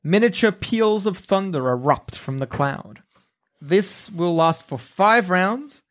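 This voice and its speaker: A game master narrating combat in a tabletop game, with a medium-pitched voice. The delivery is wry and full of laughter, and it shifts between quick rules talk and drawn-out description. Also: animated.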